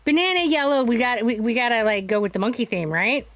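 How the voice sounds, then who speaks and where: A woman streaming a video game, chatting casually, animated and prone to giggling. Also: on the high side, fairly quick, no room sound. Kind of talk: casual gaming stream chat.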